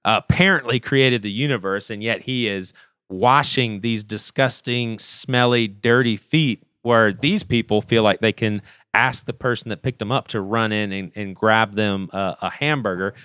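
A man with a smooth, clear voice tells a story on a podcast, animated and loose, restarting his phrases as he goes. The sound is close and dry, with no room around it. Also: on the low side, moderate pace, dry recording. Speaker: podcast co-host. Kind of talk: casual storytelling chat.

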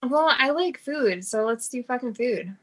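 A woman's voice: a little high, animated, measured pace, a bit bright. A woman who is a podcast guest, laughing easily and swearing casually. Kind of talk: casual chat.

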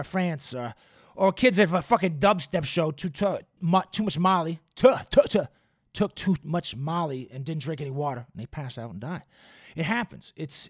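A man's voice: a little high, no echo, clean studio sound. A man in his forties hosting a solo podcast, ranting in a profane, sarcastic, wry way. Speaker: podcast host.

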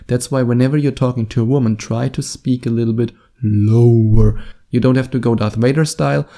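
Gravelly dating coach with a dark voice. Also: male voice, mid-range voice. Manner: slow and deliberate, with long pauses for effect. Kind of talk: advice talk to camera.

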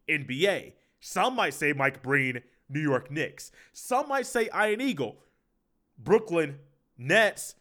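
A man's voice: high voice, a bit bright. A man hosting a solo sports podcast with a head cold, talking in a loose conversational way and repeating his phrases. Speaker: podcast host.

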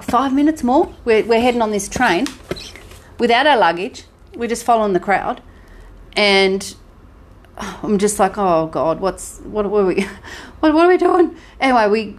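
An Australian woman co-hosting a podcast, telling a travel story in lively, casual chat. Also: mid-range voice. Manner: chatty, animated storytelling with laughs. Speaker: podcast co-host.

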